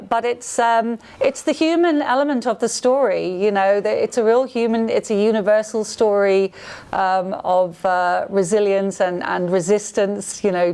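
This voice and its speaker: A woman representing a film festival, speaking in a casual radio studio interview with halting enthusiasm as she searches for words. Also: mid-range voice, darkish tone, clean tone.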